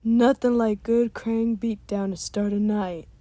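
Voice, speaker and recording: A woman's voice: fairly high pitch, steady tone, a little slow, mellow, no echo, close to an everyday voice. A woman voicing a tough, cocky teenage boy mutant turtle in a fan comic dub, with a brash, sarcastic delivery.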